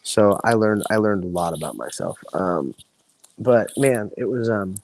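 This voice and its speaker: Rambling, low-voiced man telling stories. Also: measured pace, gravelly, low-quality recording. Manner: rambling, animated voices when quoting friends, frequent restarts. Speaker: podcast guest. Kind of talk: casual storytelling chat.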